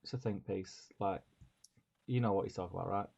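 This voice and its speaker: A man's voice: sits low, fairly quick, creaky, a little mellow, slightly rough. A man co-hosting a live stream, reading viewer comments aloud and chatting with a laugh. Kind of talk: casual live-stream chat. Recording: dull lo-fi stream audio.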